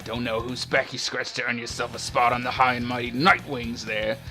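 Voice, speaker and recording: A man's voice: mid-range voice, fairly even intonation, brisk, over music, lightly acted. A man doing a brash sneering dog-gang leader. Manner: brash, mocking, rough put-on accent.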